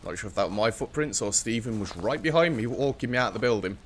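A man's voice: on the low side, lively intonation, fast talker, a little hiss or hum. A man giving nervous, joking commentary on a solo horror game, now and then taunting the ghost. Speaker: gaming streamer.

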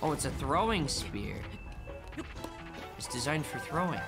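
A gaming streamer giving casual let's-play commentary, playful and affectionate, often dropping to a soft murmur. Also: mid-range voice, very animated, a little slow. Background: game music.

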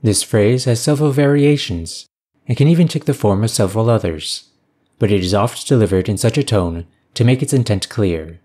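A man's voice: lowish voice, normal speed, mellow, slightly rough. A man voicing an alien lecturer who teaches a class about humans in a formal, didactic tone.

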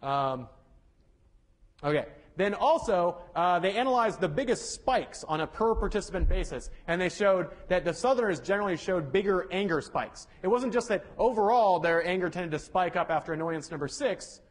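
A man's voice: high-pitched, animated, moderate pace. A young man from the Southern United States giving a casual university lecture, chatty and correcting himself with joking asides. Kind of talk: classroom lecture. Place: lecture hall.

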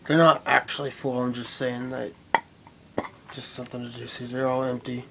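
A man's voice: medium pitch, flat delivery, moderate pace, vocal fry, background noise. A young man rambling casually and profanely to his camera, with lots of fillers. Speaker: vlogger. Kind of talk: casual vlog chat.

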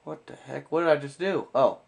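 A man's voice: fairly high pitch, brisk, creaky, poor audio. A man commenting on his game, nervous and reacting with yelps and panic. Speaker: gamer. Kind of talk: let's play commentary.

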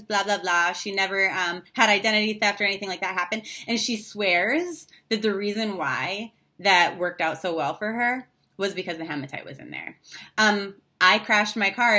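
A woman's voice: mid-range voice, bright, forceful tone. A woman giving a casual monthly horoscope reading to camera as a tarot reader, chatty and candid, with casual swearing and lots of "like" fillers.

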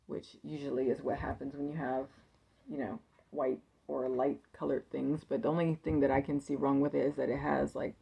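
Low-pitched woman rambling about her thrift haul, gravelly fry in her voice, lots of likes and ums. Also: darkish tone. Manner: chatty and upbeat, thinking aloud with fillers. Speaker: thrift reseller showing a haul. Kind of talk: casual haul video chat.

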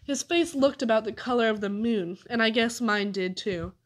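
A woman narrating a children's story aloud with an expressive reading. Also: fairly high pitch, moderate pace. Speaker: audiobook reader.

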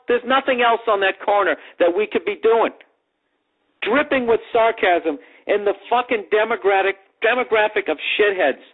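A man's voice: high-pitched, husky. A man telling a profane comic story on his podcast, ranting and sarcastic, mimicking other people's voices. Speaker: comedy podcast host. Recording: tinny lo-fi podcast audio.

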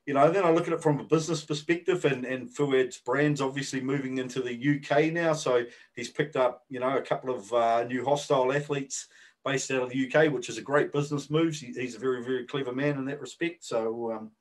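A man's voice: mid-range voice, fairly even intonation, fairly quick, poor audio. A man with a New Zealand accent co-hosting a podcast, chatting casually and rambling with lots of fillers. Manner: rambling, hesitant with many fillers. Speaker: podcast co-host. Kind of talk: casual chat.

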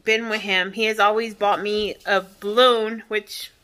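A woman's voice: medium pitch, little pitch movement, unhurried, sharp tone. A woman vlogger chatting casually to viewers while cooking in her home kitchen. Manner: chatty, talks straight to viewers.

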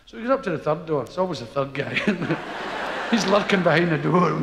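A Scottish man telling a rambling stand-up story, acting out people with loud, high voices. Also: measured pace, gravelly, a little hiss or hum. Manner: rambling storyteller who acts out characters with shouted, high-pitched voices. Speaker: stand-up comedian. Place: large concert hall before a laughing audience. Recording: echoey live hall with audience laughter.

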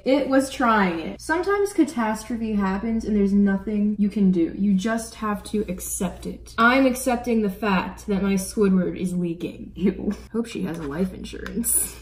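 A woman's voice: mid-range voice, lively intonation, normal speed, hardly any pauses, a little hiss or hum. A young woman chatting casually while she paints, giggling, swearing and breaking into dramatic outbursts. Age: young adult. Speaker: vlogger. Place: apartment room.

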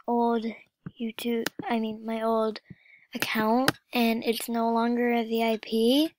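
A woman narrates her gameplay vlog in a casual, chatty way. Her voice sits fairly high and she talks at a slow, drawn-out pace. She often slips into a soft whisper. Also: monotone, no room sound. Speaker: gaming vlogger.

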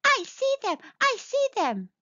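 A woman voicing a small, young boy mole in a storybook reading, with high, eager childlike cries. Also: animated, slow pace, sharp tone, dry recording, full character voice. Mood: excited. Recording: dull lo-fi sound.

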